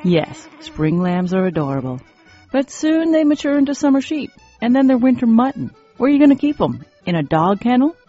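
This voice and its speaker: A woman's voice: fairly high pitch, sing-song, fairly quick, warm tone. A woman voicing an exasperated wife in a short story reading, scolding her husband. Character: exasperated wife, sharp-tongued. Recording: dull lo-fi with faint music.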